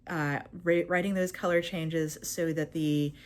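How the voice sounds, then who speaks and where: A woman's voice: sits low, steady tone, measured pace. A woman talking chattily through her crochet project in a casual crafting vlog, upbeat and with frequent fillers. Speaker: crochet pattern designer.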